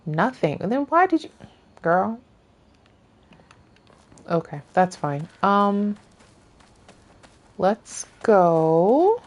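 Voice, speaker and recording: A woman streamer chatting casually over her gameplay, rambling and often trailing off into soft murmurs. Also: mid-range voice, big pitch swings, slow, pauses often. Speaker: gaming streamer.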